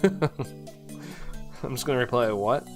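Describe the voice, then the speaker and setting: A man's voice: mid-range voice, animated, normal speed, fairly bright tone. A man in his thirties chatting casually while live-streaming a game, rambling and joking with viewers over faint game music. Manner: chatty and rambling, playful jokes and laughter.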